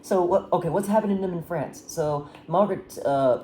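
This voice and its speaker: A woman's voice: lowish voice, a little fast, mellow, a little hiss or hum. A woman casually retelling the plot of a historical drama, rambling with many restarts and fillers. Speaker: storyteller recapping a historical drama. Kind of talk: casual chat.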